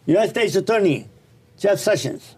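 A middle-aged man telling his life story in a casual, animated, slangy and blunt way. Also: sits high, normal speed, breathy edge.

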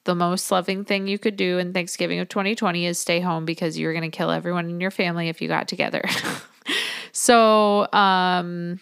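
A woman's voice: lowish voice, steady tone, a little fast, creaky, fairly bright tone, smooth, dry recording, clean studio sound. A young adult woman hosting a podcast, telling her personal story in a candid, emotional and sometimes indignant way. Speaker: podcast host.

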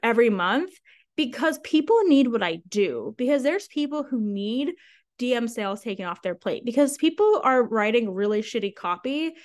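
A woman's voice: on the high side, very animated, normal speed, darkish tone. A young woman hosting her own podcast, talking frankly and chattily with lots of fillers and casual swearing. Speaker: sales coach and podcast host. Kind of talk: casual solo podcast monologue.

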